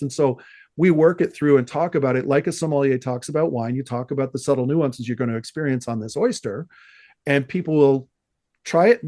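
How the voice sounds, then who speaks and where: A man from Canada telling stories in a casual podcast chat, acting out the people he quotes with animated energy. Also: mid-range voice, fairly quick, no echo, clean studio sound. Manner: animated storyteller, acts out quoted dialogue. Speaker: podcast guest, oyster shucker.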